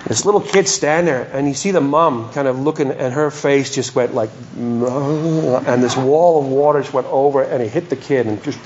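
A man's voice: medium pitch, moderate pace, hardly any pauses, darkish tone, muffled recording, a little hiss or hum. A pastor preaching a sermon in a church hall, telling stories and then pressing his points with emphasis.

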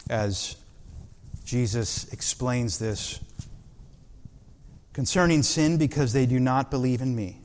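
A man's voice: mid-range voice, darkish tone. Preacher man in a reverberant hall. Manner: asks the congregation rhetorical questions. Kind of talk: sermon.

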